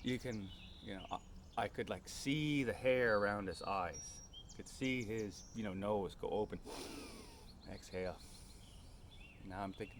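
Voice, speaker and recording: A man telling a personal story in a calm, unhurried way, often ending lines with a tag question. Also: lowish voice, a little hiss or hum.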